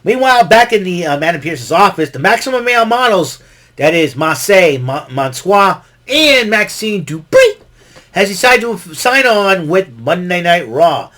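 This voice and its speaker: Rambling man with a higher voice. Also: very animated, normal speed, fairly bright tone. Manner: rambling, many fillers and restarts, chuckles often. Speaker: podcast host recapping wrestling. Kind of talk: casual recap monologue.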